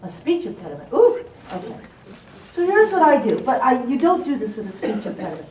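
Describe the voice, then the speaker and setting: A woman with a fairly high voice teaches a live seminar in a playful, animated way, slipping into voices for the people in her stories. She is heard from some distance in a roomy, echoing space. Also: fairly quick. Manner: lively, playful, acts out quoted people. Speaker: seminar presenter for court reporters. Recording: echoey room, voice from far off.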